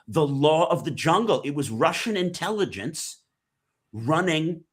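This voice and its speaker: A man's voice: on the high side, animated, measured pace, slightly rough. A man who hosts a podcast, giving emphatic interview commentary full of rhetorical questions. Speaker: podcast host as guest.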